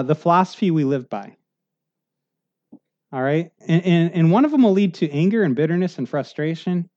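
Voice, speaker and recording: A man preaching a conversational sermon, rambling and animated, full of asides and restarts. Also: high-pitched. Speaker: pastor. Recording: muffled lo-fi recording.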